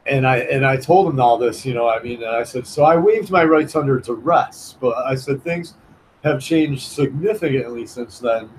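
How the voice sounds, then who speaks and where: A man's voice: medium pitch, moderate pace, a little hiss or hum, rough recording. A man telling a personal story in a casual monologue, rambling with many restarts and acting out what others said. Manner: rambling, many restarts, acts out quoted voices. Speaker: vlogger.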